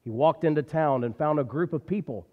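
A man's voice: a little high, fairly quick. A man preaching a sermon in a church, with an emphatic, repetitive cadence. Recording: dull recording with long hall reverb.

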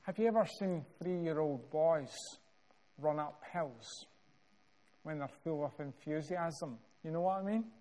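A Scottish man preaching a sermon, telling a story with measured, dramatic pauses and building emphasis. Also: on the high side, warm tone.

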